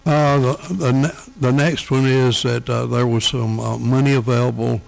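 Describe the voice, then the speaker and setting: Halting man with a gravelly voice. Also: medium pitch, fairly even intonation, rough recording. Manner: halting, many "uh" fillers. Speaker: council finance committee chair. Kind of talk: county council meeting.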